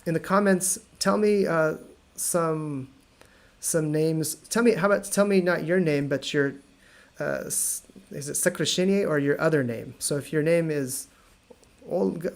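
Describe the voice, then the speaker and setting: An American man teaching an online English lesson, repeating words slowly and joking with viewers. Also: a little high. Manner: slow careful repetition of words, friendly and joking.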